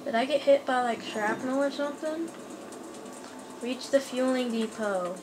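Chatty woman youtuber playing a shooter at home, kinda high voice, game noise under her. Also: measured pace. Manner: chatty, excitable, talks back at enemies. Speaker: gaming YouTuber. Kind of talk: let's play commentary.

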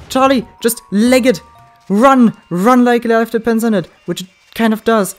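Let's play gamer, swears a lot, yells then mutters, mid-pitched voice, faint game music. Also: a little slow.

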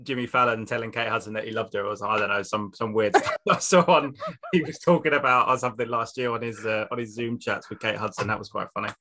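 A male film interviewer talks quickly with a bright, forward tone. He is chatty and laughs easily as he thanks his guest. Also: on the low side, steady tone, slight background noise. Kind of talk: casual interview wrap-up.

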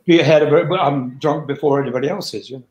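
A man's voice: on the high side, very fast, a little mellow, lo-fi sound. An older man, a rock singer speaking as an interview guest in a candid, blunt chat, swearing freely. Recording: roomy echo.

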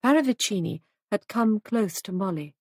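A woman narrating a mystery audiobook in a measured storytelling manner, recorded close to the mic. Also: medium pitch, expressive, no room sound.

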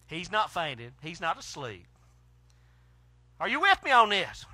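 Man, fiery preacher; high, ringing voice, bursts of shouting, then drops low. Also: huge pitch swings, unhurried, pauses often, no room sound. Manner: swings between hushed and shouted exclamations. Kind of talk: fiery country sermon. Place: outdoor drive-in church service.

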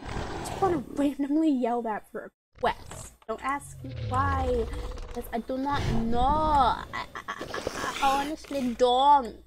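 A woman's voice: high voice, measured pace, noisy background. A woman giving chatty, giggly gameplay commentary and reading quest text aloud. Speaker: gamer playing an online dragon game. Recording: game music playing loudly under the voice. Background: loud game music.

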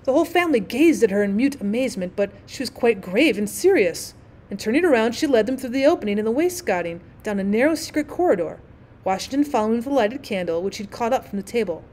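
A woman's voice: a little high, animated, fast talker, a little mellow. A woman teacher narrating a classic short story as an audiobook, reading steadily and expressively.

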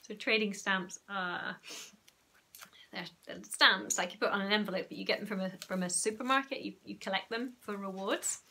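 A young woman, a primary school teacher, reading a children's novel aloud expressively and pausing to explain things. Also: medium pitch, steady tone, gravelly, sharp tone.

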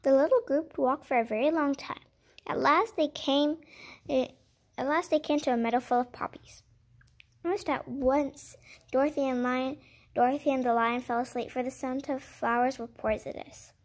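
High-voiced woman reading a storybook aloud; casual, stumbling and self-correcting, chatty asides. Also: steady tone, normal speed. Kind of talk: casual picture-book read-aloud.

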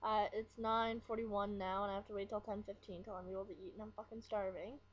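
A woman's voice: mid-range voice, flat delivery, fairly quick. A teenage girl vlogging casually at home on a webcam, mumbling, swearing and complaining about being bored. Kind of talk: casual rambling vlog. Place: at home, indoors. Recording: dull lo-fi webcam audio with faint hiss.

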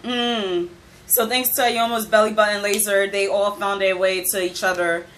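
A young woman casually reacting to an anime episode, excitable and giggly, swearing now and then. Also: mid-range voice, moderate pace, poor audio.

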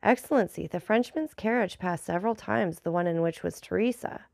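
A woman voicing a grateful, devoted male bandit messenger in a measured storybook reading. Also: fairly low pitch, gravelly, darkish tone, dry recording, studio quality.

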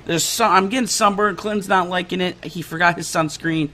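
A young man casually commentating his baseball video game, chatty, excitable and joking. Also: sits high, fairly quick. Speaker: gaming YouTuber.

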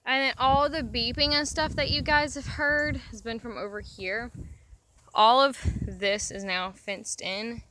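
A woman's voice: fairly high pitch, steady tone, measured pace, pushed and bright, slight background noise, poor audio. A woman, chatting casually to viewers while walking her rural property on a phone. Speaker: vlogger showing her property. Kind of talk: casual vlog walkthrough.

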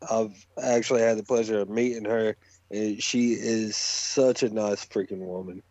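A man's voice: lowish voice, fairly even intonation, normal speed, a little mellow, dry recording, poor audio. A man on a casual wrestling podcast panel, hesitant and torn, with many fillers.

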